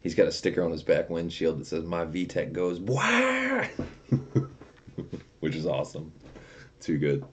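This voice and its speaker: A man's voice: low voice, level tone, normal speed, pauses often, background noise. A young man casually chatting on a livestream, reading viewer comments aloud and telling profane stories with frequent laughter. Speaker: streamer.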